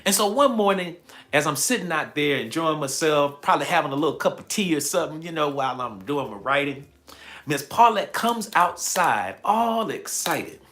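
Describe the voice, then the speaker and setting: A man hosting a livestream, telling a story to his chat in a casual, animated way and repeating phrases as he builds it. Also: a little high, moderate pace. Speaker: livestream host.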